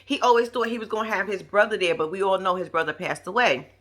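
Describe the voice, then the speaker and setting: A woman's voice: mid-range voice, fast, a bit bright. A woman giving casual, profane, gossipy commentary on a reality TV episode, laughing often as she talks. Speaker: reality TV recap vlogger.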